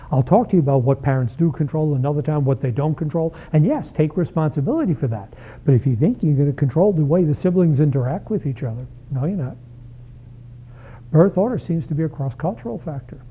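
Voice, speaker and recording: A man's voice: a little high, husky. A man in his sixties, a psychologist giving a direct, conversational talk to parents and putting questions to the audience. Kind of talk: lecture to parents. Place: church hall. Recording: tinny phone-like sound.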